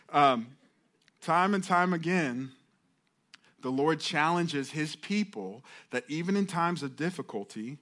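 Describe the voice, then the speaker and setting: A man's voice: mid-range voice, a bit bright. A middle-aged male pastor giving a conversational sermon, restarting phrases and acting out heartfelt prayers.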